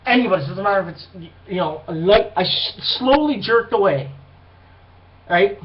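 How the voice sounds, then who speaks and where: A young man with a high-pitched voice tells a rambling story full of swearing, acting out the people in it. The recording is dull and lo-fi. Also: normal speed. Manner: profane, rambling, animated retelling. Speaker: vlogger. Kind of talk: casual storytelling monologue.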